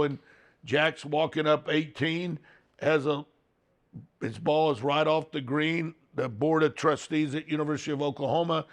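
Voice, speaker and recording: A man hosting a podcast, telling an anecdote with enthusiasm in a casual way. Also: fairly high pitch. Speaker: podcast host. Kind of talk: casual storytelling.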